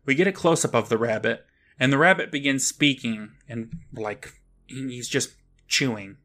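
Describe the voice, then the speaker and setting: A man's voice: medium pitch, normal speed, pushed and bright. A man co-hosting a podcast, wryly narrating a TV episode beat by beat. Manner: wry, narrating plot beat by beat. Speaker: podcast co-host. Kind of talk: casual episode recap.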